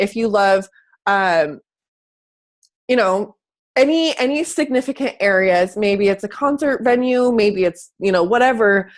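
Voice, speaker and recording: A young adult woman fitness coach giving a chatty, animated coaching talk, acting out people's thoughts as she goes. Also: mid-range voice. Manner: chatty, animated, acts out squealing quoted thoughts. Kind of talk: casual coaching talk to camera.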